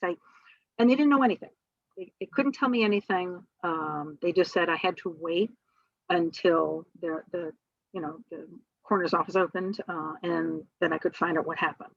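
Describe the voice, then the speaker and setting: A woman's voice: on the low side, steady tone, moderate pace, gravelly, no echo, dull audio. A middle-aged woman, a guest on an interview show, tells a personal story in a rambling way, full of fillers and restarts.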